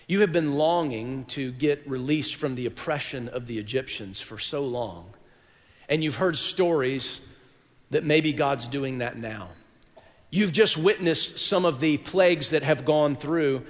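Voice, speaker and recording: A man preaching a sermon in a church, telling a story dramatically and swinging from hushed tones to loud peaks. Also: a little high, long reverb tail. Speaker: pastor. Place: church worship hall.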